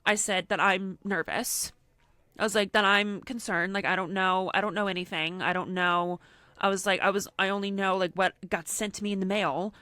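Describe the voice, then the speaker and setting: A woman's voice: medium pitch, normal speed, no room sound. A young woman co-hosting a podcast, telling a personal story in casual chat and acting out what people said, with lots of "like". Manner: animated storyteller acting out quotes, frequent "like". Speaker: podcast co-host.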